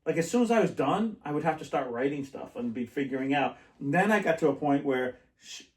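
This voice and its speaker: A man's voice: on the high side, expressive, fairly quick, darkish tone. A man hosting a podcast, telling rambling stories in casual chat and laughing often. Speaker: podcast host. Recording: echoey room, mic at a distance.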